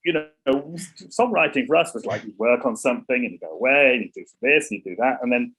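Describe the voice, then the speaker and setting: A middle-aged man chatting as an interview guest, his voice husky and a little breathy. He rambles, stops and restarts, repeating words as he gathers his thoughts. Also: mid-range voice, animated, fairly quick, a bit bright, low-quality recording. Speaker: songwriter guest. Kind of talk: casual interview chat.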